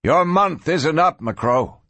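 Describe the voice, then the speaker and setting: A man voicing a steady veteran sheriff who speaks in short, firm lines. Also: on the high side, slow pace, no room sound, voice pushed up, heavily acted. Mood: stern.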